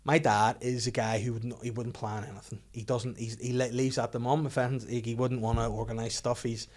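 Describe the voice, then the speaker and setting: A man's voice: mid-range voice, fairly quick. Chatty Northern Irish man telling stories. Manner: animated, laughing storyteller with lots of restarts. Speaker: podcast co-host. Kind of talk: casual storytelling chat.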